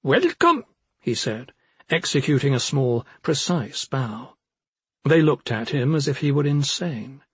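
A man narrating a fantasy audiobook in a husky voice, with measured, even storytelling. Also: medium pitch, no echo.

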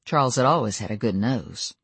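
Steady audiobook narrator, dry sound. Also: medium pitch, a little fast, vocal fry, breathy edge, no room sound. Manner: steady, even storytelling.

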